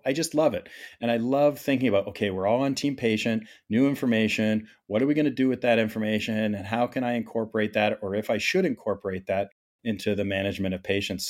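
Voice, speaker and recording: A middle-aged man from Ontario, Canada, hosts a relaxed medical podcast in a lowish, a little mellow voice. He comes across as chatty and enthusiastic, often correcting himself mid-sentence and starting again.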